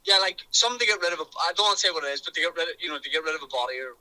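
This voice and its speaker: A man calling in to a podcast with a very bright, sharp voice pitched fairly high. He plays along with a mock-secretive joke, hedging and stalling as he talks. It comes across as quick comic banter. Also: animated, low-quality recording. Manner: hesitant, mock-conspiratorial joking. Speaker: caller. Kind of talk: casual phone banter.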